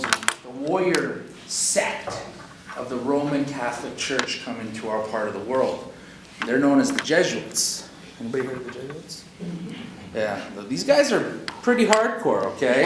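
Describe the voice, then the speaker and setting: A man from Canada leading a workshop, telling stories in a folksy, conversational way with a lot of "eh?" and "you know?". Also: medium pitch. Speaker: workshop facilitator. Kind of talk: storytelling in a workshop talk. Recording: echoey room with audible noise.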